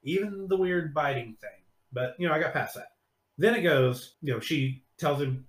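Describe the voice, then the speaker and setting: A man hosting a podcast, retelling a scene in casual chat as an animated storyteller who swears freely. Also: fairly high pitch, moderate pace. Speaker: podcast host. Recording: echoey room.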